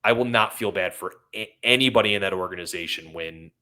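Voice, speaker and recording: Passionate bright-voiced podcaster. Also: male voice, sits low, a little fast. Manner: impassioned, rambling, apologetic. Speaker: podcast co-host. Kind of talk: emotional casual sports talk.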